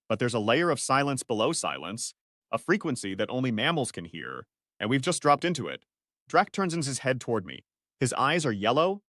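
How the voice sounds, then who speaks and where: A man's voice: medium pitch, a bit bright, dry recording, studio quality. A man narrating a first-person science-fiction story in clipped, analytical sentences.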